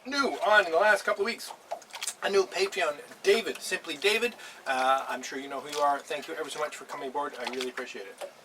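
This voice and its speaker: A man's voice: fairly high pitch, fast, far from the mic, noisy background. An older man hosting a casual beer-tasting vlog on a boat in a harbour, easygoing and chatty, chuckling now and then. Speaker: host.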